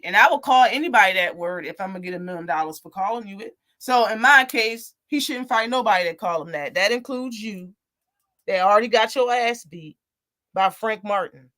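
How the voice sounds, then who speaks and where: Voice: medium pitch, pushed and bright. A live boxing talk show host ranting in a heated, profane, casual way.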